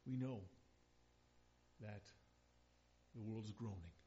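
A man's voice: lowish voice, takes it slowly, dark tone, slight background noise. Earnest male pastor preaching, lo-fi sound. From northern Minnesota. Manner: earnest, building to emphatic repetition. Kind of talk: sermon. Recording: dull lo-fi sound.

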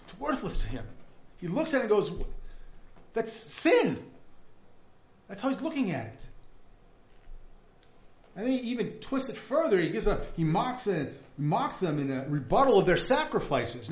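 A man preaching a sermon in a lively, conversational way, often checking in with "right?". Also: sits high. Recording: echoey room, dull lo-fi sound.

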